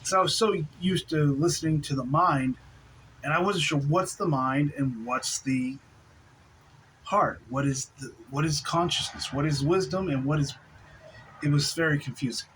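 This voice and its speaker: A man's voice: fairly high pitch, normal speed, slight background noise, low-quality recording. Man giving a laughing spiritual talk. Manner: relaxed, with frequent soft laughs and restarts. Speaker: spiritual teacher.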